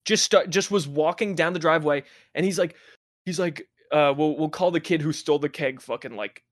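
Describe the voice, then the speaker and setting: A young man with a slightly high voice tells a rambling party story, swearing and laughing as he goes. The sound is dry and close, with no room around him. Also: brisk, dry recording. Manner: profane, laughing, animated anecdote telling. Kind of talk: casual storytelling chat.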